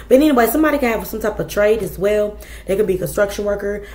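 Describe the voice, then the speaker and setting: A woman's voice: mid-range voice, fairly even intonation, quick pace, darkish tone, reverberant. A woman giving a casual tarot reading, talking bluntly and chattily to her viewers with plenty of profanity. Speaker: tarot reader.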